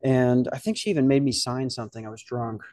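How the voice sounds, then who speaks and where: A man's voice: mid-range voice, a little fast, dark tone, no echo, clean studio sound. Man rambling through a comedy podcast story. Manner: rambling, profane, frequent restarts. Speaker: podcast host and novice stand-up comic. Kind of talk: casual storytelling.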